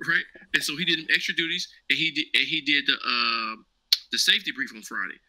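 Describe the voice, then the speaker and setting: A man's voice: fairly high pitch, a little fast, sharp tone, poor audio. A man, a former Marine, telling a casual story as an interview guest. He talks animatedly, acts out the dialogue and keeps checking in with "right?".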